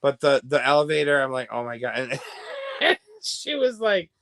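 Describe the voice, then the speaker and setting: With a sing-song, medium-pitched voice at normal speed, the American livestream host gossips and reacts to comments from viewers. He laughs frequently and swings between hushed asides and loud bursts, and there's no room sound.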